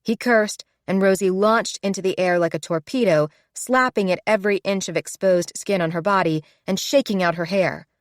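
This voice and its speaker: A woman narrating a romance audiobook in a smooth, measured reading. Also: mid-range voice, no echo, clean studio sound. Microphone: close studio mic.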